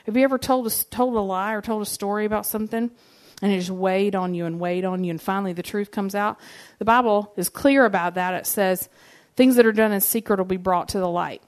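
A woman's voice: mid-range voice, a little fast, few pauses. A woman, giving a sermon and telling personal stories in a conversational, humorous way. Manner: conversational and humorous, addresses the audience directly. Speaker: speaker giving a church message.

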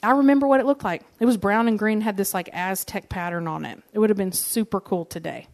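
A woman's voice: medium pitch, fast talker, darkish tone. Conversational woman preaching with humor. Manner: conversational and humorous, addresses the audience directly. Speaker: speaker giving a church message. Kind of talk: sermon with personal storytelling.

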